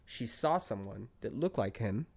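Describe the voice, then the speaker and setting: A man in his thirties, a podcast guest telling a story in casual chat, talking heatedly and swearing, his pitch climbing when he gets worked up. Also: lively intonation, moderate pace, vocal fry, darkish tone, slightly rough. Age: 30s.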